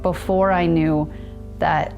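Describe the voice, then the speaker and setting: A woman in her thirties recounts her memories slowly and thoughtfully, pausing and restarting often. Her voice is fairly low with a gravelly fry. Faint music sits underneath. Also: fairly even intonation, a little mellow, dull audio. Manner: reflective, halting, many fillers and restarts. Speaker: guest. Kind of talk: personal storytelling in conversation.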